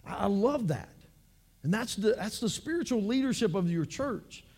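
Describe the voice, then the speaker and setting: A man preaches to his congregation in a loose, conversational way, doubling back on words as he pushes toward each point. His voice sits notably high for a man. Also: lively intonation, moderate pace, darkish tone, husky. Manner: conversational, repeats words while building points. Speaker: pastor. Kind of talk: sermon.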